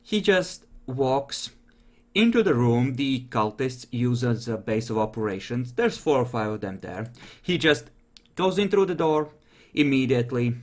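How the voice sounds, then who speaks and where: A man's voice: mid-range voice, expressive, a little slow. A man running a tabletop game as game master, narrating scenes in a casual, offhand way and swearing freely.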